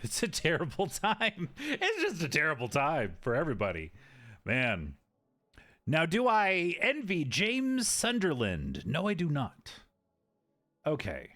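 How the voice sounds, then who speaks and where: A man's voice: a little high, wildly swooping pitch, a little slow, bright, forceful tone. A man streaming a game and chatting playfully, riffing on jokes from his chat.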